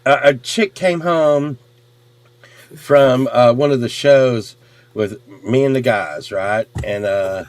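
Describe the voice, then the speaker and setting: A middle-aged man telling a rowdy story in casual chat, swearing and loudly acting out the people in it. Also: medium pitch, slow, dry recording. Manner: animated, swearing, acts out quotes loudly. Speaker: podcast host.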